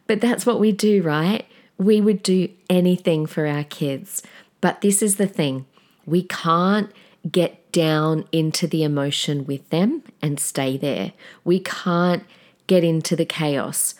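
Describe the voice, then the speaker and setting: Low-voiced chatty Australian woman. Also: measured pace. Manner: chatty, animated storytelling with frequent fillers. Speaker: parenting podcast host. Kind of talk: conversational monologue.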